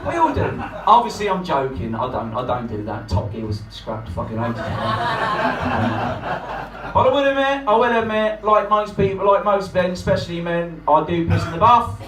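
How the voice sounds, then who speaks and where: A man's voice: sits high, animated, moderate pace, a bit bright. A man from Portsmouth, doing a brash, sweary, self-mocking stand-up set at a live comedy night. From Portsmouth, England. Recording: echoey live room, distant mic, noisy crowd.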